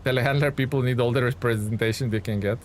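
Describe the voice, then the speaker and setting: A man's voice: mid-range voice, steady tone, quick pace, a little hiss or hum. A man streaming a game, talking casually to his viewers, laughing often and teasing himself about his mistakes. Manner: laughs often, playful and self-mocking; chats with viewers while playing. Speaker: gaming streamer. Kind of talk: casual live game commentary.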